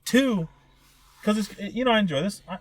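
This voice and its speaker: A man's voice: high voice, animated, moderate pace. A young man co-hosting a casual podcast, rambling and profane, often cutting himself off mid-sentence. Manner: rambling, profane, self-interrupting storyteller. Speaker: podcast co-host. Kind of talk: casual chat.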